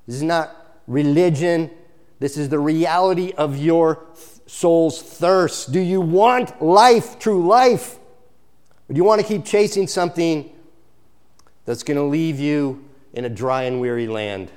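A pastor preaching a sermon, his delivery swinging between quiet, intimate passages and loud, emphatic calls. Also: fairly high pitch, measured pace, clear, resonant tone.

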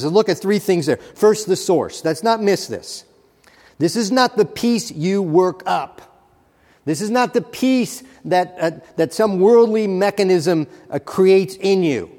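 A man's voice: high-pitched, lively intonation, a little mellow. Man preaching in a reverberant hall. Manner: earnest, rising to fervent emphasis; halting restarts and fillers. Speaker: pastor. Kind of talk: sermon.

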